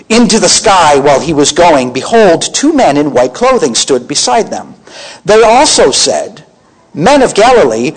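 A man's voice: sits high, poor audio. A man teaching from the Bible as a preacher, emphatic and full of rhetorical questions to his listeners.

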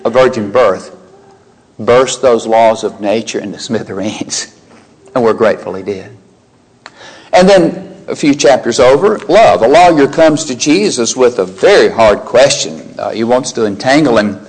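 A man, older, preaching a sermon, animated, rising sharply in pitch when quoting and exclaiming. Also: measured pace, husky, rough recording.

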